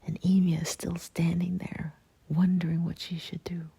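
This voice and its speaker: A woman whispering a made-up bedtime story in a slow, soft, hushed way. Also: lowish voice, flat delivery, creaky, breathy edge.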